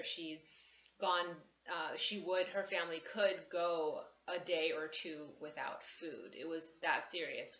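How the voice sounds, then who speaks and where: A woman's voice: on the low side, pushed and bright. A woman giving a casual teaching talk, chatty and digressive, with frequent asides and self-corrections. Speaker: course instructor. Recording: roomy, slightly dull recording with faint background hiss.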